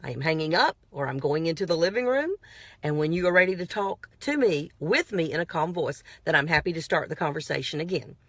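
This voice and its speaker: A woman's voice: sits low, lively intonation, fairly quick, a bit bright, dry recording. A woman vlogger giving motivational self-help advice, emphatic and repetitive, with a prayerful, coaching manner. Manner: earnest, prayerful sign-off.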